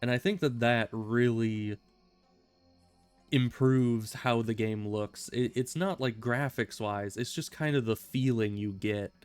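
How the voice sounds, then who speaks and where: A man's voice: lowish voice, clean tone. A man streaming a video game, chatting casually and rambling with self-amused asides. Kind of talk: casual gameplay commentary.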